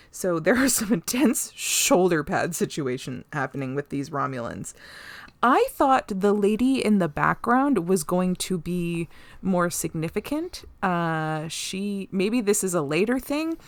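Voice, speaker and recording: A woman's voice: lowish voice, very animated, measured pace, no echo. A woman co-hosting a podcast, recapping an episode in casual chat, rambling, laughing often and swearing casually. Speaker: podcast co-host.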